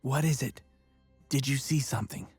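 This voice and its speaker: A man's voice: mid-range voice, moderate pace, darkish tone, breathy edge, no echo, soft background music, voice pushed up. A man voicing an anxious young woman in a spoken horror story, asking worried questions in a breathless way.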